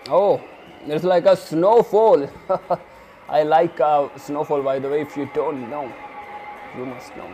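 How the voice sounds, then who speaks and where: A man's voice: a little high, takes it slowly, pauses often, mellow, a little hiss or hum. A man from India with an Indian English accent, hosting a reaction video in eager, simple English. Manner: eager, simple non-native English with restarts. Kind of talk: casual reaction commentary.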